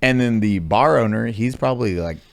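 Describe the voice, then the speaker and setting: A man hosting a podcast in casual chat, telling rambling, animated stories and swearing freely. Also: on the low side, brisk, vocal fry, no room sound, studio quality. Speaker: podcast host.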